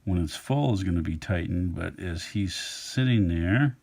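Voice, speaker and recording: A middle-aged man with a low voice teaches a drawing lesson, musing aloud as he sketches. His tone is easygoing and unhurried, and his voice has a gravelly rasp. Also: darkish tone. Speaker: art instructor. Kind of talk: relaxed drawing tutorial narration.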